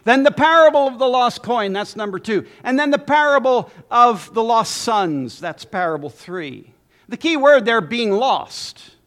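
A man preaching a sermon as pastor, emphatic with dramatic pauses and lists. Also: extremely high pitch, lively intonation, fairly bright tone.

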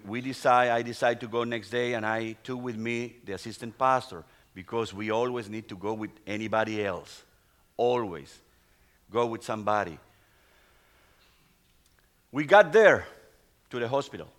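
Non-native pastor telling a testimony. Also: male voice, lowish voice, a bit bright. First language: Spanish. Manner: non-native English, halting storytelling with restarts. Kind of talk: sermon testimony.

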